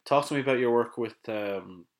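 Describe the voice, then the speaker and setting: A woman's voice: a bass voice, fairly quick. A woman hosting a casual interview, chatty and encouraging, often laughing and cutting in with short agreements. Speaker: podcast host.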